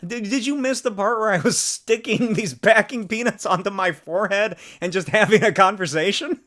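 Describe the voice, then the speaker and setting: A man's voice: sits high, moderate pace, fairly bright tone. A man hosting a comics livestream, giggly and joking in casual chat, swearing casually. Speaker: comics channel host.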